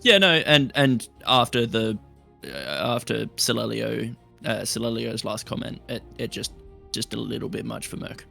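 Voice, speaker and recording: A man playing a tabletop game with friends, talking in halting bursts and swearing casually. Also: medium pitch, animated, vocal fry, pushed and bright, soft background music. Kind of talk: casual in-character play.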